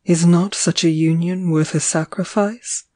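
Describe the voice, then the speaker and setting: A woman reading the part of a devoted young man, speaking gently and soothingly to his beloved. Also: on the low side, fairly even intonation, measured pace, no room sound, clean studio sound, lightly acted. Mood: tender. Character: tender young man, devoted lover, calm.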